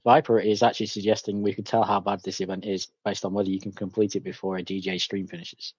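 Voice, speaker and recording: A man's voice: sits low, little pitch movement, fast talker, a little mellow, breathy edge, no room sound. A man co-hosting a live stream, chiming in with short remarks over dull, lo-fi call audio. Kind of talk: casual live stream chat.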